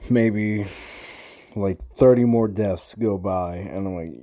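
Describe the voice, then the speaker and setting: A man's voice: lowish voice, slow pace, warm tone. A young man ranting through a gaming story from his room in casual slang, swearing constantly and rambling. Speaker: gamer recapping a session.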